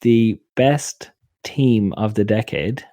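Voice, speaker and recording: A man with a lowish, mellow voice chats in an animated, exclamatory way on a casual podcast. The recording is dry and close. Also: takes it slowly, no room sound. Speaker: podcast co-host.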